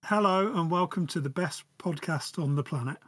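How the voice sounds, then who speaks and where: A man co-hosting a comedy podcast, talking in a deadpan, mock-confident way. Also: a little high, normal speed, no room sound. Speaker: podcast co-host. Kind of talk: casual comedic chat.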